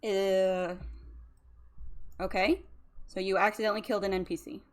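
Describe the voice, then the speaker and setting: A woman's voice: mid-range voice, level tone, moderate pace. A woman, a drowsy, yawning streamer who rambles casually about emotions with lots of fillers. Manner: rambling, chatty, many fillers. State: sleepy, yawning.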